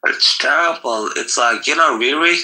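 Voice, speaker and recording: A man's voice: mid-range voice, moderate pace, bright, forceful tone, poor audio. A man hosting a livestream who keeps hurling repetitive insults in heated banter. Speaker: livestream host.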